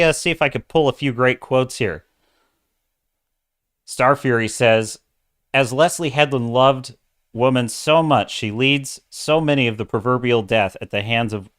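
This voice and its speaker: A middle-aged man hosts a casual livestream and talks at mid pitch. He rants with strong opinions, pauses to read viewer chat messages aloud, and then goes back to his commentary. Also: fairly bright tone, clean tone. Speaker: livestream host.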